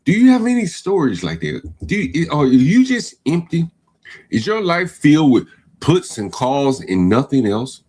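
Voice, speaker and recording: A husky man hosting a live call-in show, his voice jumping up and down as he badgers a caller. He fires the same question again and again, confrontational and impatient. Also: on the high side, wildly swooping pitch, unhurried, a little mellow.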